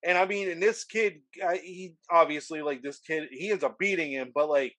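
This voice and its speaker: Man, somewhat high voice, easygoing, filler-heavy, casual podcast storytelling. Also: moderate pace, fairly bright tone. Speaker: podcast guest. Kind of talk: casual wrestling podcast chat.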